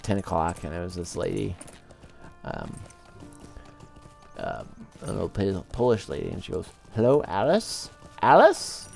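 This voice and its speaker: A man casually commenting on his own game play as a let's-play host, relaxed and rambling. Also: deep voice, vocal fry. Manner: relaxed, rambling, with many fillers. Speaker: gaming video host.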